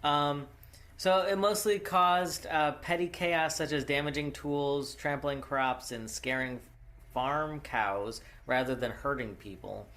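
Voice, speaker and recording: A man co-hosting a casual podcast at an unhurried, slow pace. He keeps breaking into laughter and halting with fillers as he reads out his notes. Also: fairly high pitch, fairly even intonation, sharp tone. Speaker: podcast co-host. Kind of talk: casual chat. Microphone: podcast microphone.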